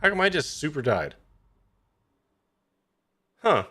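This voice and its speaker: A man's voice: fairly high pitch, very animated, slow pace. Man swearing and laughing through gameplay. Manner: swears and laughs, thinks aloud. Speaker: streamer. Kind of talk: casual let's-play commentary.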